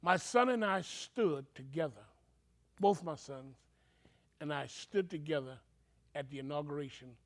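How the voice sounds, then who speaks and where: A man's voice: a little high, measured pace, long pauses. An older man, a reverend telling his own story with emotion and acting out the voices of people he quotes. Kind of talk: personal storytelling.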